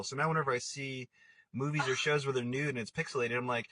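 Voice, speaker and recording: A man's voice: medium pitch, fast, a bit bright, no room sound. A man hosting a podcast, telling a rambling story with lots of laughs and acted-out quotes. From Italian Scottish family. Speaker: podcast host. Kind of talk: casual chat, storytelling.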